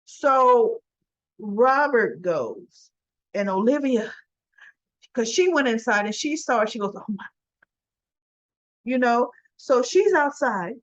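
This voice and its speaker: A woman talks through the day's soap opera episode in a relaxed, gossipy way. Her voice is a little high and her pace is unhurried. The recording sounds dull and lo-fi. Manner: chatty, laughs often, acts out characters' lines. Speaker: daily soap opera recap vlogger. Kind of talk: casual chatty episode recap.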